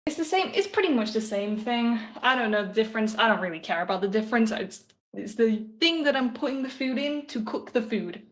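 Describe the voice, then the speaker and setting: A woman's voice: on the high side, lively intonation, fairly quick, few pauses. A woman live-streaming while cooking, chatting casually and giggling as she rambles to her viewers, picked up by a phone mic in an echoey home kitchen. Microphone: phone mic, moving around away from it. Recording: echoey room audio.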